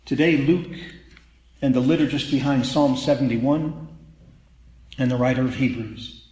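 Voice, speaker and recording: A man's voice: mid-range voice, unhurried, a little mellow, echoey room, rough recording. A man preaching a sermon in a conversational, wry way that builds to emphatic peaks. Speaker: pastor.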